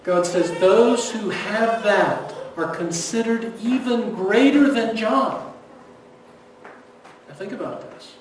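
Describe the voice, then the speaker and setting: A man, a pastor preaching a sermon in a church, swinging between loud emphasis and hushed near-whispers. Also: sits high, slow pace. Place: church sanctuary. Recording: echoey hall, distant mic, faint noise.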